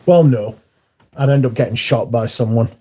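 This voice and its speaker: A man's voice: mid-range voice, normal speed, dark tone, breathy edge. A man hosting a casual livestream, reading out chat messages in a blunt, mouthy way with frequent swearing. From not American. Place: bar, windy.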